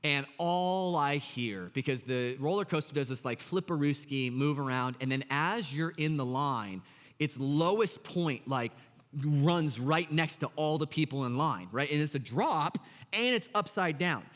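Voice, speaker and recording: A man's voice: a little high, a little slow. A male pastor telling a story in a sermon, acting out the voices of the people in it. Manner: animated, acts out voices in his story. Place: church. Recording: long reverb of a church hall.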